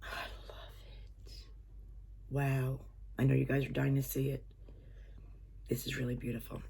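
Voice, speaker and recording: A woman vlogger chatting casually as she unboxes items at home, excitable, gasping and dropping to whispers with delight. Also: a bass voice, normal speed, creaky, husky.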